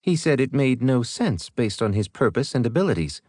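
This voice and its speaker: A man's voice: mid-range voice, very animated, moderate pace, a little mellow, no echo, clean studio sound, voice pushed up. A man voicing a stern woman naval commodore in an audiobook, formal and insistent. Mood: earnest.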